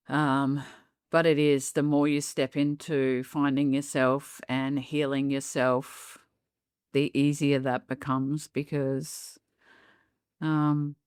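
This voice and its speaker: A woman's voice: deep voice, dry recording, studio quality. Middle-aged woman, candid and reflective. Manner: reflective and open, with frequent "um" and "you know". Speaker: guest. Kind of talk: candid personal storytelling in a podcast interview.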